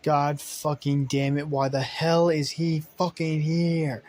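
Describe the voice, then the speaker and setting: A man voicing a hot-tempered male superhero who swears loudly and drags out his words. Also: fairly high pitch, flat delivery, a little hiss or hum. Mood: angry. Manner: swearing, loud, drawn-out.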